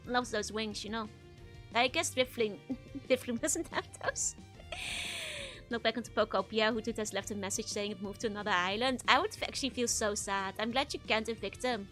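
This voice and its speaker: A woman's voice: fairly high pitch, sharp tone. A woman streamer in casual live-stream chat, answering viewer messages while she plays.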